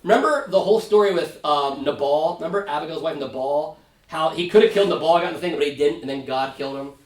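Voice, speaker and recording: A man's voice: on the high side, fast. Man pastor teaching in a roomy room. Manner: conversational, often checks in with "right?". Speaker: pastor teaching Sunday school. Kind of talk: casual Bible study teaching. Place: church classroom. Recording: roomy, from far off mic.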